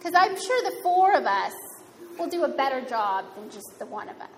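A woman's voice: sits high, very animated, normal speed. A woman giving a sermon in a conversational, wryly humorous way. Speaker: preacher. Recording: reverberant hall, faint room noise.

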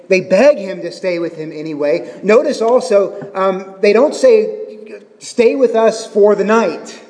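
Man, pastor, earnest sermon, high voice, long hall echo. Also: a little mellow. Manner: earnest expository preaching with asides.

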